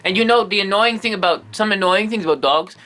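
Playing a medium in a comedic monster explainer, this man talks fast in a high, bright, forceful voice. His delivery is rambling, playful, and goofy, full of silly side comments.

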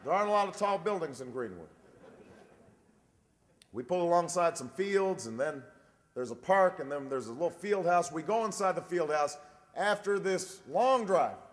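Guy in his 40s doing a campaign speech, storytelling then shouting it up, big hall reverb. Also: a little high, animated, normal speed, long pauses. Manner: wry storytelling that builds to a shouted rallying finish. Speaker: presidential candidate. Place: large convention hall.

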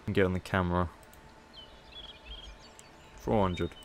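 A man's voice: low voice, flat delivery, unhurried, a little hiss or hum. Chatty man commentating a game. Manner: chatty, playful, haggling asides. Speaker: gaming YouTuber. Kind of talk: casual gameplay commentary.

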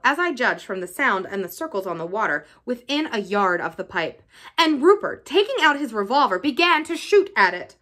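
A woman reading a novel aloud in an expressive, lively style. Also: fairly high pitch. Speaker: reader.

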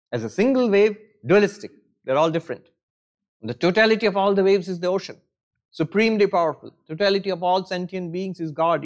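A monk teaching at a retreat, giving a spiritual discourse in a lively, conversational way, with rhetorical questions and self-mocking humor. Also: male voice, medium pitch.

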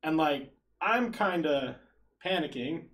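A young man on a casual podcast, telling a long, rambling story with a self-deprecating streak. His voice sits a little high for a man. He keeps breaking into laughter as he goes. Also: animated, slow pace, fairly bright tone. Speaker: podcast co-host. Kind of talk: casual storytelling among friends.

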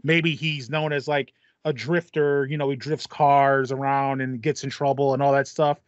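A man's voice: medium pitch, level tone, moderate pace, no room sound, dull audio. A man co-hosting a gaming podcast, talking casually and rambling through his ideas with restarts and fillers. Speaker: podcast co-host. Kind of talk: casual chat.

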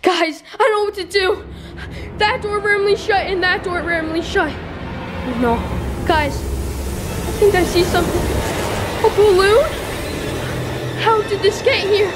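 A woman's voice: very high voice, unhurried, long pauses, background noise. A woman hosting a staged scary vlog, talking to her viewers in a panicky, breathless way and calling out to them again and again. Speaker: reaction channel host.

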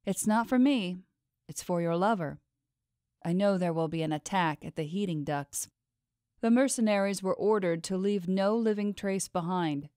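A woman voicing a cold, suspicious and manipulative mistress in an audiobook, speaking in a smooth, probing tone. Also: fairly low pitch, moderate pace, dry recording, studio quality, lightly acted. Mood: coldly probing. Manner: smooth, probing, quietly menacing. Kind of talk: audiobook character voice.

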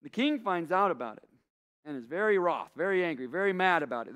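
A male pastor delivers a sermon in a fairly high voice. He preaches with passion, stacking repeated phrases to press his point home. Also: sing-song, brisk, fairly bright tone, clean tone.

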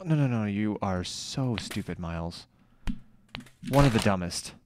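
A man talking through a video game as he plays, his voice leaping up and down in pitch. He speaks at an unhurried pace, swears freely and scolds himself aloud between bursts of excitement. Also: noisy background. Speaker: gamer playing a video game. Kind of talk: let's play commentary.

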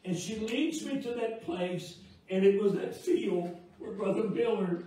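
A man's voice: sits high, a little slow, dark tone. Preacher man in an echoey church. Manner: folksy testimony with repeated fillers. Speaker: guest preacher. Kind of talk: storytelling revival sermon. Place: church sanctuary. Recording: echoey church room, distant mic.

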